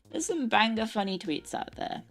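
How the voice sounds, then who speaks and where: A woman's voice: on the high side, big pitch swings, unhurried, faint music behind. A young adult woman streamer chatting casually, swearing and laughing often. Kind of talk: casual live-stream chat. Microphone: desk mic with earbuds.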